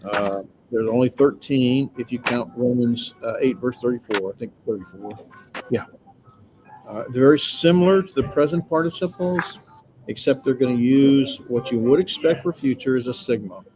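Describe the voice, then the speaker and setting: A man's voice: mid-range voice, moderate pace, music in the background, poor audio. A man teaching a classroom lecture on grammar, explaining patiently and reassuringly with frequent filler sounds. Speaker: Greek grammar instructor. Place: classroom with students.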